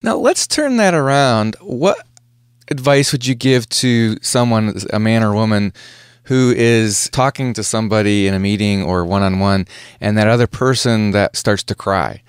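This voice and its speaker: A man's voice: lowish voice, normal speed, smooth, dry recording, studio quality. A man hosting an interview, asking thoughtful questions and searching for words. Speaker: podcast host, interviewer.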